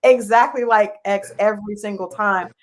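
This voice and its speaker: A woman's voice: mid-range voice, steady tone, moderate pace, slight background noise. A woman hosting an interview, asking thoughtful questions with frequent restarts and affirming fillers. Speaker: interview host. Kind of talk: candid interview conversation.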